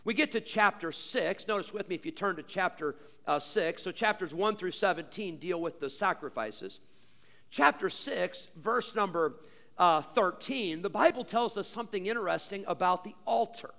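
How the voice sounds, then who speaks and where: A male pastor preaching a sermon, pressing points with rhetorical questions and repetition, swinging between loud drawn-out emphasis and low quiet asides. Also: expressive, creaky, big-room sound.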